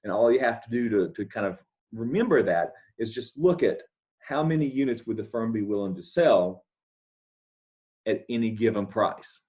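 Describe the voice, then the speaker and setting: A man's voice: lowish voice, animated, normal speed, darkish tone. A man giving a recorded economics lecture, explaining step by step over his notes and repeating key points with checking questions. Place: talking over scribbled notes, not at a board.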